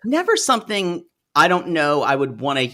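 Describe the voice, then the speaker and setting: A man co-hosting a podcast, chatting in a gossipy, animated way and laughing often. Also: on the high side, normal speed. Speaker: podcast co-host. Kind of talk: casual chat.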